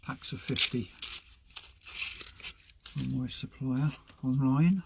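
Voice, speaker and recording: A man's voice: medium pitch, slow, creaky, slight background noise. Chatty man potting seeds live. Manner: chatty, rambling, talks to himself while potting. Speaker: gardening channel host. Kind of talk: casual live-stream chat while working. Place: greenhouse.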